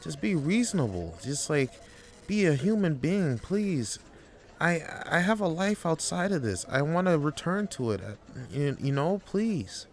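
A man's voice: on the high side, big pitch swings, unhurried, pitched above the performer's own voice. A man voicing an overworked male office clerk who pleads with his boss and then turns profane and combative. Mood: pleading.

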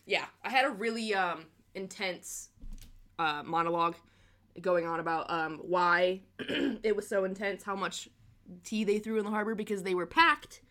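A young woman from the Midwest, co-hosting a podcast in casual chat, telling stories in an excitable, giggly way. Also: medium pitch, normal speed. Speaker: podcast co-host.

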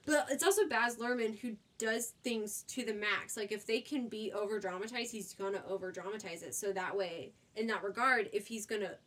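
A woman co-hosting a casual podcast chat, talking excitedly about favorite films and laughing at herself. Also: medium pitch, moderate pace, hardly any pauses. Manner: enthusiastic, chatty, laughs at herself. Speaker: podcast co-host. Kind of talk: casual chat recommending movies.

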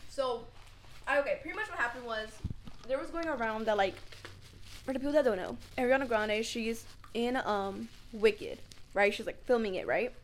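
A woman's voice: fairly high pitch, moderate pace, slight background noise. A young woman co-hosting a podcast in casual chat, telling stories full of "like" fillers. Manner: chatty, lots of "like" fillers, animated storytelling. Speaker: podcast co-host.

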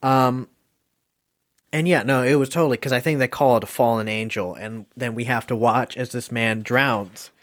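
Guy hosting a chatty podcast, animated, cussing and laughing. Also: mid-range voice, moderate pace. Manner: animated, swears, laughs often. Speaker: podcast host. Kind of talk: casual podcast chat.

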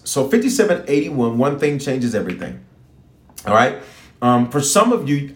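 Emphatic preacher man in a roomy hall. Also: mid-range voice. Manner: emphatic, repetitive, call-and-response exhortation. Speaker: pastor. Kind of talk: fiery livestream prayer sermon. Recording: roomy echo.

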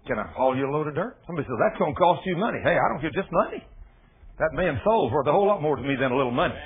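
Folksy preacher man, voice jumps all over, tinny like a phone. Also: on the high side. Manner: folksy, storytelling, dialect grammar. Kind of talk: sermon. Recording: tinny phone-like radio broadcast.

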